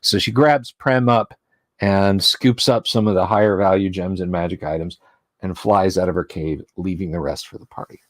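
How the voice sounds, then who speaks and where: Rambling, chatty game master on a livestream. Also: male voice, low-pitched, steady tone, moderate pace, dry recording. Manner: rambling, chatty, self-deprecating with restarts. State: voice tired from talking all day. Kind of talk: casual livestream chat.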